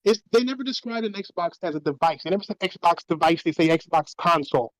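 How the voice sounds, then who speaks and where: A man's voice: on the high side, lively intonation, brisk, no room sound, low-quality recording. A man guesting on a podcast from home, arguing insistently and defensively in casual talk. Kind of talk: heated casual argument.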